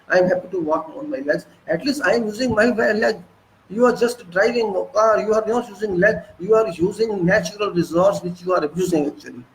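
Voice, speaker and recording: A man's voice: sits high, roomy sound, slight background noise, poor audio. A man in his sixties with an Indian English accent, giving an earnest moralizing lecture full of repetition and rhetorical questions. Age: 60s.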